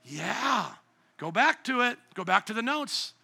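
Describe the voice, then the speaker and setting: A hoarse man preaching a sermon in a church on a handheld microphone, often asking the congregation to call out the next word. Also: sits high, very animated, a little slow, sharp tone. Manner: asks the congregation fill-in questions. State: going hoarse. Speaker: pastor.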